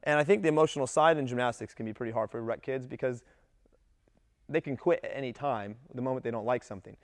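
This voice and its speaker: A man coaching gymnastics coaches in a casual talk, lively and acting out what his athletes say. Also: mid-range voice, fast talker, dry recording, clean studio sound. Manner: animated, acts out athletes' voices in quotes.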